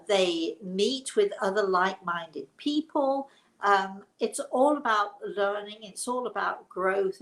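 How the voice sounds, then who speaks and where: A woman with a mid-range, creaky, slightly bright voice hosts a live stream as a psychic medium, heard on a low-quality recording. She chats casually in a webinar-style session, rambling, laughing often and restarting her sentences.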